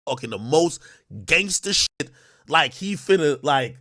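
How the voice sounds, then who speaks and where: A young man telling a story in an animated rant, slangy and swearing. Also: a little high, unhurried, no room sound, clean studio sound. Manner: slangy, swearing, jumps between whispers and shouts. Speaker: streamer in a played clip.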